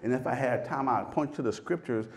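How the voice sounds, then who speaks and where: A man delivers a fervent sermon at a fairly quick pace, repeating phrases and swinging between loud peaks and hushed lows.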